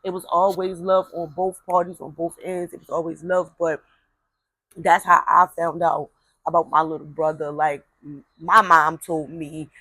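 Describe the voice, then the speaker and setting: A woman telling a personal story in a casual, animated way, acting out the voices of the people she quotes. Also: low voice, normal speed, no room sound.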